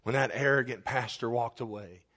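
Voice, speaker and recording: A man preaching a sermon as pastor, praying aloud with passion and swinging between loud cries and hushed whispers. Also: mid-range voice, normal speed. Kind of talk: sermon with spoken prayer.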